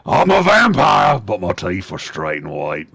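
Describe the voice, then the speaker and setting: Growling orc voice from a man, comic dramatic reading, low, gravelly, dry sound. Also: wildly swooping pitch, a little slow, pushed and bright, dry recording, exaggerated voice. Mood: shouting. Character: gruff orc reading as a goth teen girl.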